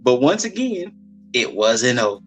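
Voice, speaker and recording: A man chatting on a podcast, retelling a film scene by scene and slipping into little voices for the characters. He talks at an ordinary middle pitch. Faint music plays behind him. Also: measured pace. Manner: animated retelling with playful quoted voices. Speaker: podcast host. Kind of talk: casual movie review chat.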